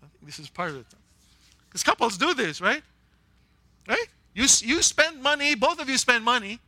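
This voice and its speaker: A man preaching with a high, bright, cutting voice, animated and joking, acting out the voices he quotes. The sound is dry and close, with no room echo. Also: normal speed. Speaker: pastor. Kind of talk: sermon.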